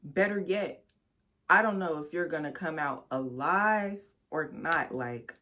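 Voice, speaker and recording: Young woman telling a raw, profane story. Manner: candid, profane storytelling that addresses viewers directly; bursts into loud, high outbursts when outraged. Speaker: vlogger. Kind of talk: storytime vlog.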